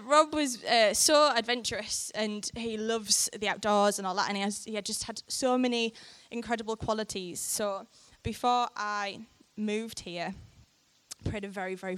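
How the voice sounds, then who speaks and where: A young adult woman, telling a personal testimony to a church audience in an animated way, often laughing. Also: mid-range voice, normal speed. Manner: animated storytelling, frequent laughter, acts out quoted lines. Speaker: speaker sharing a testimony.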